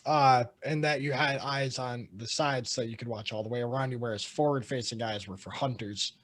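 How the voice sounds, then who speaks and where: A man co-hosting a podcast in casual chat, rambling and halting as he searches for words. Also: medium pitch, steady tone, a bit bright. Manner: rambling, halting with fillers and restarts. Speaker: podcast co-host.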